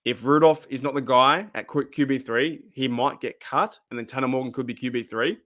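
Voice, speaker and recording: A man's voice: mid-range voice, fairly quick, a bit bright. A man with an Australian accent, chatting casually on his own show in a small home room into a desktop microphone, rambling and restarting his sentences. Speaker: podcast host answering fan questions. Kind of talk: casual solo chat. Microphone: desktop USB microphone.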